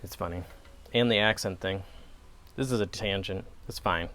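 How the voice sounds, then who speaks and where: A man's voice: sits low, moderate pace, a bit bright. A man with a Wisconsin accent chatting casually on his pipe-smoking channel, wandering off on tangents and laughing at himself. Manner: rambling, digressive, laughs at himself. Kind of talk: casual vlog chat.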